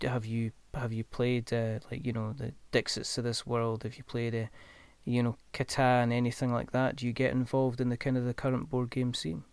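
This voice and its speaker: Scottish male podcast host, casual and rambling, smooth clear voice, dry close sound. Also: mid-range voice, dry recording. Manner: rambling, with many ums and restarts. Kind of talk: casual interview chat.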